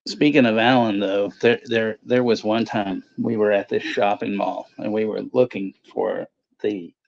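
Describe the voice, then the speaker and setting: A man co-hosting a casual movie watch-along stream, telling stories in a halting, rambling way full of fillers. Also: fairly low pitch, steady tone, creaky. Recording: dull lo-fi stream audio.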